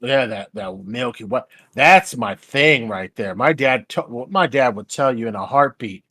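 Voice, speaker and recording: A man's voice: mid-range voice, animated, unhurried, pushed and bright, no room sound, clean studio sound. A man hosting a stream, rambling in casual, crude chat and laughing easily. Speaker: stream host.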